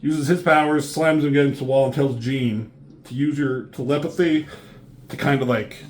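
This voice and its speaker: A man walks through a comic book in a relaxed, unscripted review, his voice sitting at an ordinary middle pitch. He rambles, leans on ums and likes, and drops casual curses along the way. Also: a little hiss or hum.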